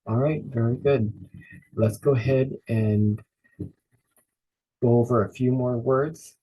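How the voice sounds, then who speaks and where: Slow, husky male Bible Greek teacher. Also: medium pitch, fairly even intonation, warm tone, poor audio. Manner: slow, repeats each word several times. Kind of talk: online lesson, pronunciation drill.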